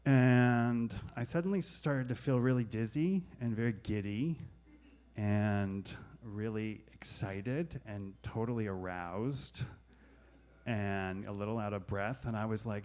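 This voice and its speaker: Low-ish guy telling a funny candid story on stage at a mic. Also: slow, darkish tone. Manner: candid, wry, self-deprecating. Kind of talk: live personal storytelling. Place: stage at a live storytelling event.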